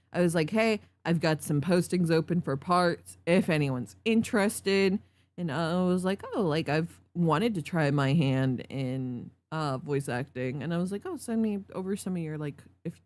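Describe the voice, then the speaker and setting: A woman with a slightly low voice hosts a relaxed chat over an online call. She laughs often and swears without a second thought. Her delivery is loose and informal. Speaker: podcast host, project creator. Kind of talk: casual podcast chat.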